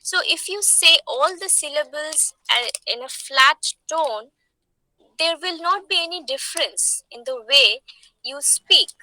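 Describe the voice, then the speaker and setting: A woman teacher explains at a slow, deliberate pace, often asking her class questions. Her voice is high and very bright. She coughs often, and the sound is dry and close. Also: animated, dry recording, poor audio. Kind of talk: online lecture.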